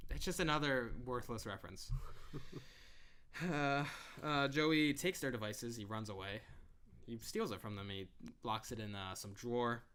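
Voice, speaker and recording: A man's voice: mid-range voice, moderate pace, fairly bright tone, slight background noise. A young man with a mid-range voice talks casually on a podcast. He recaps a show from his notes with dry, sarcastic asides. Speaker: podcast co-host.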